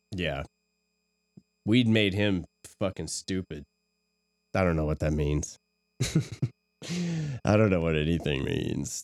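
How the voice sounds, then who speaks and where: A man's voice: medium pitch, no echo, studio quality. A man hosting a late-night radio show, rambling casually, swearing often and laughing between thoughts. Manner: profane, giggly, rambling.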